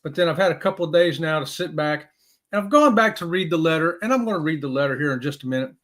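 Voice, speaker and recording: High-voiced, chatty man hosting a live stream. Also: quick pace. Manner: chatty, folksy and excitable, often says y'all. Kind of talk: casual live-stream chat.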